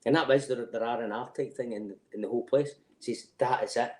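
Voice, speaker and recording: A middle-aged man with a broad Scottish accent, yarning in casual chat, swearing often and laughing through his own tales. His voice sits at an ordinary middle pitch. The room around him is roomy and echoey. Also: fast talker, a little mellow. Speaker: podcast guest.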